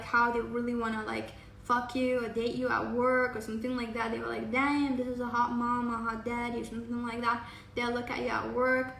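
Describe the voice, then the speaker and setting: A woman with a high voice gives a casual tarot reading, rambling on with many fillers and the odd swear word. She sits back from the mic in an echoey room. A faint ambient hum runs underneath. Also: fairly bright tone, distant mic. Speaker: tarot card reader. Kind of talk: casual pick-a-card reading.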